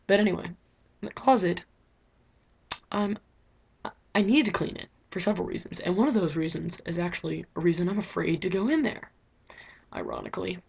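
A teenage girl chats to her webcam in a loose, rambling diary vlog, piling on fillers as she goes. Her voice sits low for a girl, with a husky, gravelly edge. It sounds like a small bedroom recording. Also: brisk, pauses often. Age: teens. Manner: chatty, rambling, lots of "like" fillers. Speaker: vlogger.

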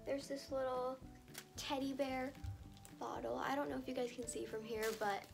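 A woman filming an unboxing vlog, talking in a gushing, excitable way full of fillers, recorded by a camera on a tripod at home. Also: sits high, moderate pace, gravelly. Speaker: doll collector vlogger. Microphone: camera on a tall tripod. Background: background music.

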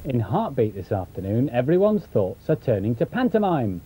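A man's voice: mid-range voice, big pitch swings, moderate pace, mellow, poor audio. A young man presenting children's television, a little out of breath, chatty and talking straight to the young viewers. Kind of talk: live continuity presenting. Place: small studio booth. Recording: rough old TV recording with faint hiss.

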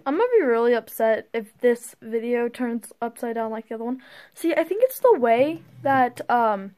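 A woman's voice: fairly high pitch, normal speed, a little mellow. A young adult woman filming a friend's gameplay and adding teasing, dry remarks from behind the camera. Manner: teasing, dry side comments. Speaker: co-host filming the video. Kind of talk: casual chat.

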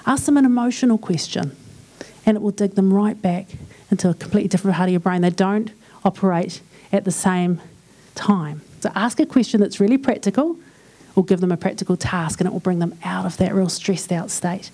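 A conference speaker with a New Zealand accent gives a humorous talk at a church conference, chatting and acting out little dialogues. Her medium-pitched voice is dark in tone and fairly quick.

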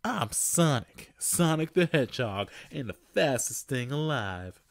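A man voicing a cocky, fast-talking male hedgehog hero from a video game, in a brash, wisecracking manner. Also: medium pitch, lively intonation, creaky, no room sound, voice pushed up.

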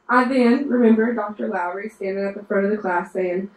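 Briskly and with few pauses, a mid-twenties nurse from West Virginia delivers a sassy, wry story in her Southern accent at a live storytelling show in a bar. Her pitch is medium and her tone steady. The mic is far off, leaving a roomy live-venue sound.

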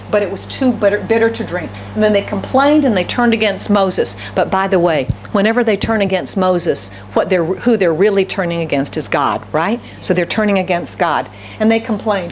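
A woman's voice: a little high, a little hiss or hum. Woman pastor preaching with tag questions. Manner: acts out quoted complaints in a raised voice. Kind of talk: sermon.

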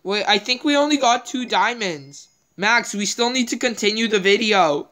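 A woman's voice: fairly high pitch, moderate pace, fairly bright tone. A woman hosting a gameplay video, thinking aloud in casual, rambling commentary as she plays.

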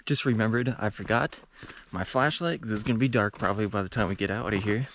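A man's voice: fairly low pitch, quick pace, fairly bright tone, a little hiss or hum. A man in a casual vlog, rambling and self-deprecating as he tidies his van and talks to viewers through a camera mic. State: out of breath on the climb. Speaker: van life vlogger. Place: in and around a van, then on a wooded hiking trail outdoors.

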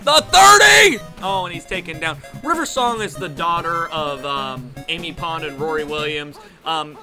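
A man doing jokey, excitable play-by-play commentary on a video game with a friend, breaking into shouts on big plays. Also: a little high, moderate pace, music in the background.

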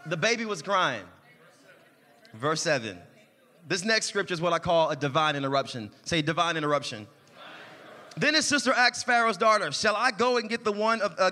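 A man's voice: high voice, pushed and bright. A man preaching a sermon as pastor, calling on the congregation to answer and building in intensity. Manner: preaching with call-and-response and rising intensity. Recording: long church reverb.

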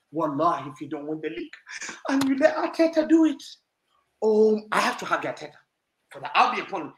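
A man on a football podcast panel, bantering loudly and teasing rival fans, laughing often as he talks. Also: high-pitched, big pitch swings, a little fast, roomy sound, background noise. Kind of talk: loud banter-filled casual chat.

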